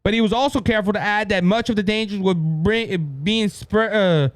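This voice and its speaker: A man with a Cajun Louisiana accent hosting a solo political show, emphatic and repeating "ladies and gentlemen" with frequent restarts. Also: high-pitched, moderate pace, no echo. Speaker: political podcast host.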